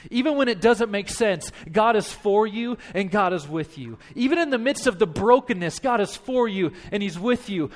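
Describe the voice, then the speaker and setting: A pastor in his thirties preaching a sermon, with impassioned, repetitive phrasing and acted-out dialogue. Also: high-pitched.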